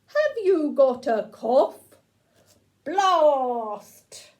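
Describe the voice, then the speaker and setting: A woman voicing a little toy robot that blasts coughs away, loud, slow and emphatic. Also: high-pitched, lively intonation, pitched above the performer's own voice, full character voice. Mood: booming.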